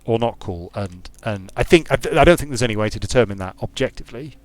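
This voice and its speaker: Low-voiced British man musing while gaming. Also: animated, fast talker, no echo. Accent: British English. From United Kingdom. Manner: digressive, musing aloud. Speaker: game designer streaming his play. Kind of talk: casual gameplay commentary.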